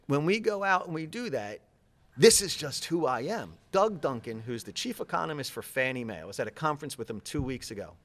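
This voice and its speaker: A man giving interview answers as a public speaking coach, energetic and fast-talking, gesturing as he speaks. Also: medium pitch.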